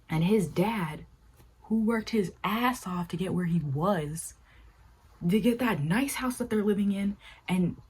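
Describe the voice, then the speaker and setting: A young woman talks through a casual vlog rant in a low voice with a husky edge. She is animated and exasperated, often leaping high in pitch as she acts out the quotes she is retelling. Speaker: video essay creator. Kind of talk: casual commentary.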